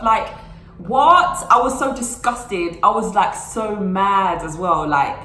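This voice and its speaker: A woman's voice: mid-range voice, animated, takes it slowly, bright, forceful tone, echoey room, slight background noise, low-quality recording. A young woman telling a personal story to her phone camera in a casual, chatty way, full of fillers and acted-out quotes. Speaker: vlogger.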